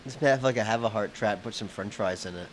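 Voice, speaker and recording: A man's voice: on the low side, fast, slight background noise. A man co-hosting a casual podcast, laid-back and dry in his replies. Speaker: podcast co-host.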